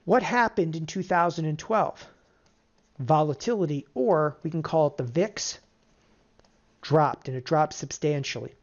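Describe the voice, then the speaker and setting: A middle-aged options trading instructor teaching a live webinar, energetic and firing rhetorical questions at the audience. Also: medium pitch, measured pace. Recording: dull lo-fi webinar audio.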